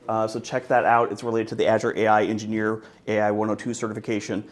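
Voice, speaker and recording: A man giving a live talk at a tech meetup, upbeat and joking, with many fillers. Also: mid-range voice. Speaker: conference speaker. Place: meetup presentation room.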